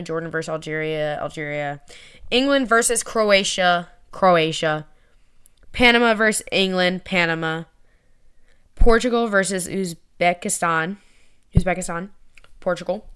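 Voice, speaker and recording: A woman's voice: lowish voice, a bit bright, clear, resonant tone. A young woman chatting casually to camera as a vlogger, rambling, giggly and poking fun at herself. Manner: rambling, giggly, self-mocking.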